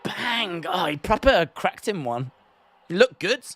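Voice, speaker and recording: Man, wrestling watch-along host, excitable, unhurried delivery, bright tone. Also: high-pitched, dry recording. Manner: excitable, swings from mutters to shouts. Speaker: wrestling reaction streamer. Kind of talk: live watch-along commentary.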